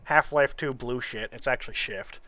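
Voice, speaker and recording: A man's voice: medium pitch, a crowd in the background. A man co-hosting a casual talk show over a call, blunt and sarcastic. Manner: blunt, sarcastic, quick to laugh.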